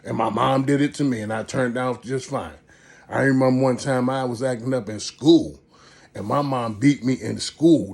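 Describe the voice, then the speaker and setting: A man hosting a storytelling vlog, animated and laughing as he tells a story and talks to his viewers. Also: medium pitch, vocal fry. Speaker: podcast host.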